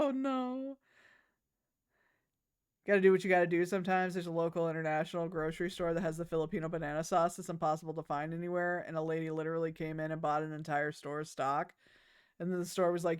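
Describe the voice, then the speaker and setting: A woman's voice: lowish voice, a little fast, clear, resonant tone. A woman chatting casually to her stream chat while playing a video game, rambling and joking. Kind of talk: casual gaming stream commentary.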